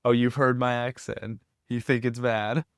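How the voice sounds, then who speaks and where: A man's voice: mid-range voice, level tone, unhurried, no echo, clean studio sound. A young American man from Tennessee, a podcast guest rambling casually and making fun of himself. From Tennessee, USA. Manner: rambling and self-deprecating, often laughing. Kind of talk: casual conversation. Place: backpacker hostel.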